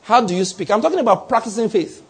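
A man's voice: high voice, animated, quick pace, slightly rough. A man preaching a sermon, posing rhetorical questions to his congregation. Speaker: pastor.

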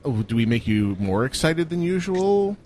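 A man hosting a casual internet radio show, teasing his callers with quick banter. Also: on the high side, sing-song, crowd noise. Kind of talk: casual chat.

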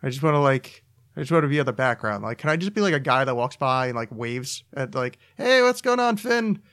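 A man's voice: medium pitch, fast talker, fairly bright tone. A man hosting a solo podcast, ranting casually with profanity, restarts and repeated words. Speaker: podcast host.

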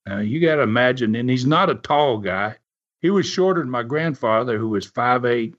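Speaking at normal speed with a medium pitch and lively intonation, a man hosts a podcast and spins a relaxed, rambling story. He leans on lots of "uh" fillers, and the audio is dull and lo-fi.

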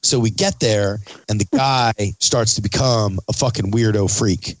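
A middle-aged man telling a story in casual chat, animated and swearing freely as he acts out quotes. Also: on the low side, unhurried, dry recording.

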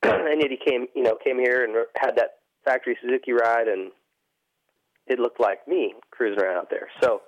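A man's voice: mid-range voice, normal speed, no echo, dull audio. Chatty self-deprecating male co-host. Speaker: co-host, former team manager. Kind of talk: casual podcast chat.

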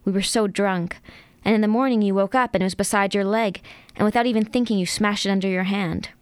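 A woman's voice: mid-range voice, steady tone, fast, clear, resonant tone, dry recording, natural voice. A woman reading as a blunt woman friend. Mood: matter-of-fact. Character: blunt adult woman friend laying down boundaries. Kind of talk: reading aloud from a novel.

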